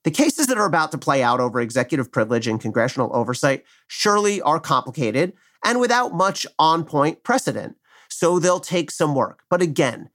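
A middle-aged man, a former prosecutor, reading an opinion commentary in a measured, wry, argumentative way. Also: fairly high pitch, big pitch swings, fairly bright tone.

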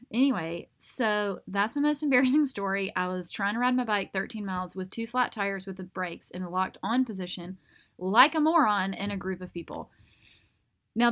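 A woman hosting a podcast, telling a self-mocking story in a casual, animated way and acting out the voices of people she quotes. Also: mid-range voice. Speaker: podcast host.

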